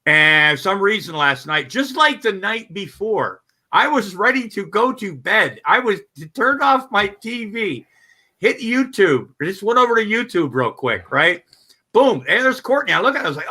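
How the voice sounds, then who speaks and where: Bright-voiced rambling man chatting. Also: sits high, very animated, moderate pace. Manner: rambling storyteller, lots of fillers. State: stoned. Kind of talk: casual profane chat.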